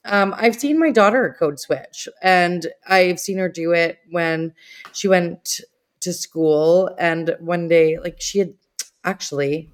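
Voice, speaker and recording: A single mother talks as a podcast guest and tells her stories with animation. She laughs often, and her voice sits a bit lower than most women's. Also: slow pace. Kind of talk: casual conversation.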